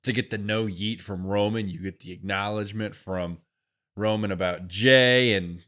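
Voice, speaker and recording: A man co-hosting a wrestling podcast, giving his opinions in a relaxed, casual chat and thinking out loud. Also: lowish voice, moderate pace. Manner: relaxed, thinks aloud with fillers like "right?".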